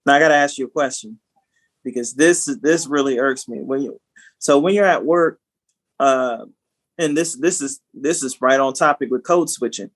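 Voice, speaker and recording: A man's voice: medium pitch, normal speed. A man co-hosting a podcast in casual chat, talking animatedly with frequent restarts. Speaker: podcast co-host.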